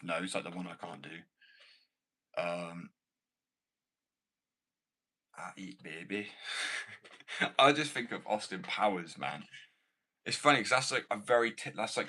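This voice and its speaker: A man's voice: sits low, pushed and bright, rough recording. A man from Wales, rambling in casual chat, swearing and calling people bro.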